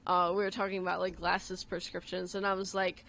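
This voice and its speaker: A woman's voice: lowish voice, flat delivery, fairly quick, gravelly, fairly bright tone. A woman co-hosting a radio show in a studio, chatty and self-deprecating, giggling often. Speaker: radio co-host. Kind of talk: casual studio chat.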